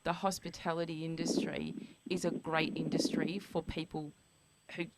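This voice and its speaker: A woman's voice: low voice, flat delivery, normal speed, heavy background noise. A middle-aged woman hosting a radio interview, responding with short encouraging affirmations. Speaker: radio host. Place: radio studio. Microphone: studio microphone.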